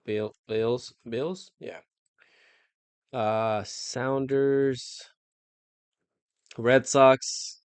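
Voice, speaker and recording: Slow-talking young man streaming a quiz. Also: fairly low pitch, smooth, no echo. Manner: muttering to himself, swearing, frustrated outbursts. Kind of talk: live-stream quiz commentary.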